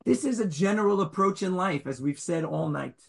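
A man giving a Torah lecture in a conversational, animated way, joking with his listeners and acting out the people in the story. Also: fairly quick, vocal fry, breathy edge. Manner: animated, acts out the figures with sudden jumps in pitch and loudness; conversational, jokes with the audience.

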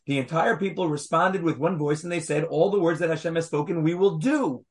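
A man teaches Torah to a small group in a lively text study, reading out verses and challenging them with rhetorical questions. His voice is fairly high and his delivery brisk.

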